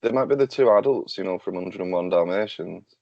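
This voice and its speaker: A man's voice: low voice, fast talker, vocal fry, darkish tone, no echo, highs cut off. A man hosting a casual podcast chat, loose, sweary and joking. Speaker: podcast host.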